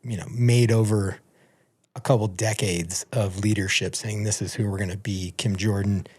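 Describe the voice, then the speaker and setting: A man, a podcast guest in casual talk, telling a story with lots of swearing and acting out the other people's lines in a higher, louder voice. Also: moderate pace, husky. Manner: animated, profane, acts out quotes in a raised voice.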